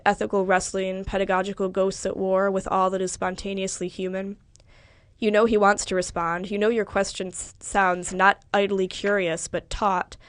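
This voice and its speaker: A woman narrating a literary audiobook in the second person with a measured, wry, precise delivery. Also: mid-range voice, smooth, dry recording.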